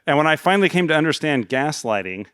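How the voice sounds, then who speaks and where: A man talks fast and earnestly in a conference fireside chat, laying out his points with everyday examples. His voice sits in a middle register and sounds close and dry, with no room echo. He has the steady manner of a seasoned author. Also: on the high side, clear, resonant tone. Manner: brisk, earnest, explains with examples. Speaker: author and guest speaker. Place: conference stage.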